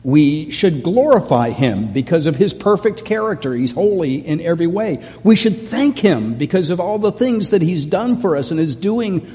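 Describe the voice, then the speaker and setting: This middle-aged pastor's sermon is earnest, conversational and expressive, looping back over his own words at a moderate pace with hardly any pauses. His slightly high voice has a mellow, darkish tone, and a long reverb carries it through the church sanctuary.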